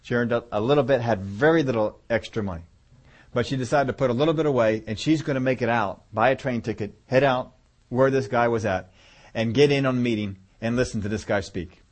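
A man's voice: mid-range voice, fairly quick. Folksy man preaching a sermon. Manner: folksy, conversational, rambling. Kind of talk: sermon storytelling.

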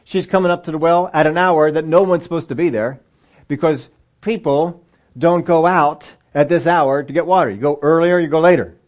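A man's voice: a little high, normal speed. Preacher man, lo-fi church recording. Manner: conversational, acts out voices of the story. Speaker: pastor. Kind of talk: sermon. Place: church sanctuary with children present.

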